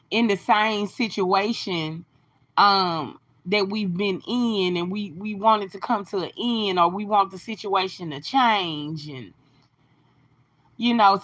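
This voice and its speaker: A woman's voice: mid-range voice, fairly bright tone. A woman hosting a casual phone live stream, greeting viewers by name and giving encouraging, sermon-like talk. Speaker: livestream host.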